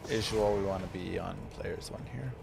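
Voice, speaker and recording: Gravelly-voiced man streaming a game. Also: deep voice, moderate pace, background noise. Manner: relaxed, guiding viewers step by step. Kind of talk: casual gameplay commentary. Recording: game music playing behind. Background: game music.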